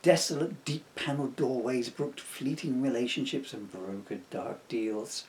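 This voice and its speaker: A man's voice: medium pitch, unhurried, darkish tone, a little hiss or hum. A man reading aloud from his own comic novel, breaking off often for self-mocking asides. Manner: digressive, self-mocking jokes between passages.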